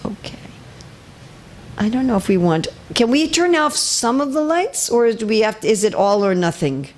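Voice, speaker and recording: A woman's voice: on the high side, very animated, moderate pace, a little hiss or hum. A woman giving a religious lecture to a live audience in a temple hall, chatty and teasing, often checking that listeners follow. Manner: light teasing humor. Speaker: visiting speaker.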